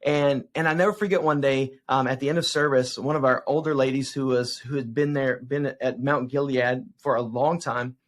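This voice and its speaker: Guy in his 40s telling church stories, lively, keeps saying right?, mid-pitched voice. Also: moderate pace, few pauses. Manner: animated storyteller, frequent "right?" tags. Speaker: youth evangelist guest. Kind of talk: conversational interview answer.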